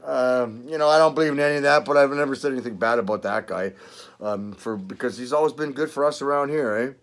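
Talking fast at a medium pitch, this older Canadian vlogger rambles through a casual chat. He swears and laughs a lot as he goes.

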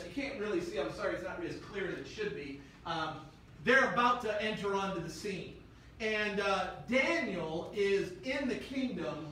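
A man with a Midwestern American accent preaches in a loose, conversational way, often checking in with his listeners. His voice sits high and sounds bright and forceful. He is picked up from a distance in a very echoey church. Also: slight background noise. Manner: conversational, frequent "right?" check-ins. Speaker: pastor. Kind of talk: sermon. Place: church sanctuary.

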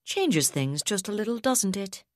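A woman voicing a calm, composed female officer who speaks in a measured, slightly wry way. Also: mid-range voice, no room sound, clean studio sound, pitched above the performer's own voice.

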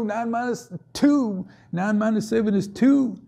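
A man runs a playful math lesson with a high and slightly husky voice. He jokes, sings a little and stays goofy between the steps of each problem. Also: a little slow, few pauses, darkish tone. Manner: goofy, jokey, sings and puts on silly voices. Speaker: math teacher.

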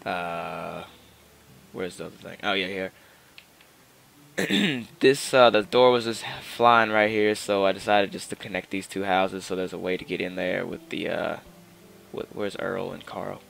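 A gravelly, fairly bright voice sits low and steady as this gaming host speaks at a measured pace, with slight background noise. He rambles through casual gameplay commentary on a personal microphone, full of fillers and restarts.

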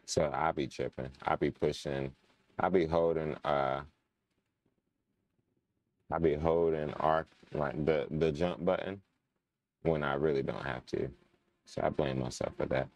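Young guy with a super deep gravelly voice talking thru his game to the chat, gets annoyed a lot. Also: fairly even intonation, measured pace, pauses often, darkish tone, no room sound. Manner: chatty, talks to viewers, frustrated muttering. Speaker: gaming channel host. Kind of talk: casual let's-play commentary.

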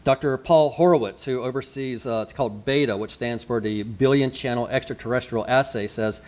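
A man's voice: mid-range voice, brisk, a little mellow. A man, a pastor giving a sermon in a chatty, conversational way, full of asides and rhetorical questions.

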